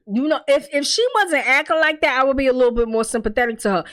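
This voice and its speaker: A woman hosting a casual TV recap, talking in an animated, blunt and profane way and laughing often. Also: sits high, fast talker. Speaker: TV recap host.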